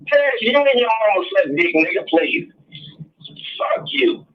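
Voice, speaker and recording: A man with a very high voice calls in over a dull, lo-fi phone line. He is blunt and profane, circling back to the same points again and again in a heated call-in talk. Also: animated, unhurried. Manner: blunt, profane, repeats himself. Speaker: caller.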